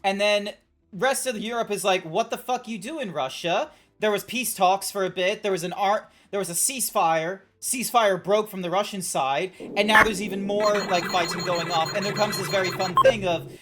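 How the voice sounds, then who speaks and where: An Australian woman talks to her live-stream chat in loose, rambling bursts and swears freely as she reacts to what viewers type. Her voice sits in a middling pitch range for a woman. Quiet music plays faintly in the background. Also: fairly even intonation, moderate pace. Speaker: Twitch streamer.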